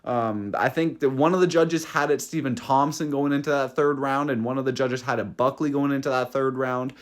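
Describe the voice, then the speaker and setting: A young man hosting a casual fight recap, talking in a profane, excitable rant with many restarts. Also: medium pitch, moderate pace. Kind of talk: casual solo recap vlog.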